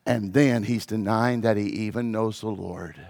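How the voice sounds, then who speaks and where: A man preaching as a pastor, moving from hushed, low passages to loud, shouted peaks. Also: steady tone, moderate pace, creaky. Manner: dramatic, swings from hushed to shouting. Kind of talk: sermon. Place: church.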